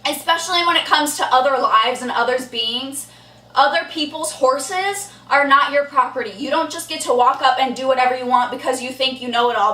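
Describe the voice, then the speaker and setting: Brief: young woman, high-pitched, bright, blunt ranting vlogger, echoey room. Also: distant mic. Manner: indignant, blunt, frequent swearing and "like". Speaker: horse vlogger. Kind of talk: storytime rant to camera. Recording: echoey room, voice a bit off-mic.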